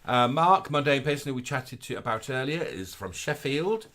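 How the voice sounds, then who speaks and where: A man's voice: mid-range voice, big pitch swings, normal speed, a bit bright. Camp, gushing male live-show host. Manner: camp, gushing, sing-song greetings. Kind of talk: casual chat reading out viewer comments.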